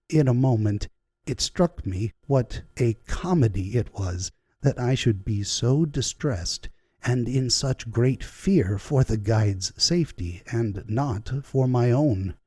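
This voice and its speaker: A man reading a first-person memoir as scripted audiobook narration, measured and unhurried. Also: lowish voice, dark tone, breathy edge, dry recording. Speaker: audiobook reader.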